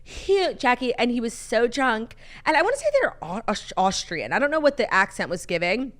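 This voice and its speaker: A young woman on a podcast as co-host talks at a moderate pace, her voice on the high side. She tells gossipy stories in casual chat, animated and leaning heavily on "like."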